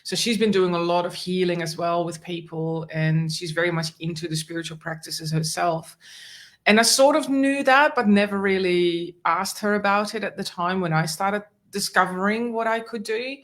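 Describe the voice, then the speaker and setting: A woman's voice: lowish voice, moderate pace. A woman guest on a conversational interview, telling a personal story and acting out the dialogue in it. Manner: animated, acts out quoted dialogue, warm laughs. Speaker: guest, animal communicator.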